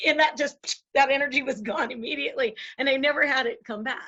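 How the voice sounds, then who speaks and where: Woman guest, high bright voice, animated storyteller, dull lo-fi call audio. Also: fairly quick. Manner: animated storyteller acting out voices, laughs often. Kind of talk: casual interview conversation.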